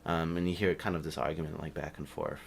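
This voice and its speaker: A man narrating as game master of a tabletop game, talking in a relaxed way and laughing often. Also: a bass voice, fast, vocal fry, a little hiss or hum.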